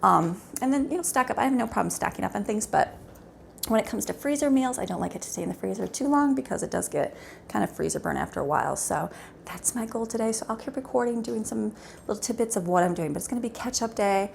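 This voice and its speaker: A woman's voice: medium pitch, animated, fast talker, gravelly, a little hiss or hum. A woman in her thirties chatting casually to the camera at home, rambling along with many fillers. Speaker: vlogger, mother of a large family.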